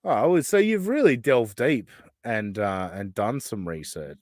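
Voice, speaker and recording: A man's voice: medium pitch, animated, a little slow, a little mellow, no echo. A man, co-hosting a podcast in casual chat, rambling and laughing often. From Australia. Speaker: podcast co-host. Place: live podcast studio.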